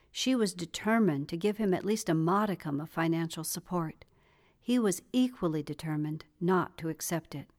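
A woman with a slightly low voice reads a memoir aloud in calm, even scripted narration. She gives the quoted dialogue only a light touch and keeps to a steady storytelling manner.

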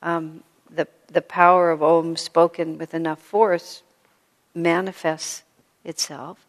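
A woman spiritual teacher giving a gentle storytelling talk to a live audience, full of soft asides. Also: low voice, level tone, takes it slowly. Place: hall with an audience. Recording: long hall reverb.

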